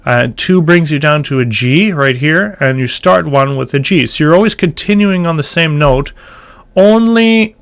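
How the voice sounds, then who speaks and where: Male chant teacher, casual explainer, smooth resonant tone, slightly high voice, sings short examples. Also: moderate pace. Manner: explains thoughtfully, breaks into chanted phrases. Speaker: church music teacher. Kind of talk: casual instructional talk with sung examples.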